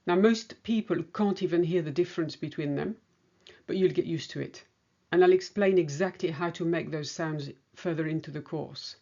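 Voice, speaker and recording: A woman teaches pronunciation in a lesson video, sounding each word out clearly and deliberately. Her voice sits a little low. The recording is dull and muffled. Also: dark tone. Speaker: French teacher. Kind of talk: scripted language lesson.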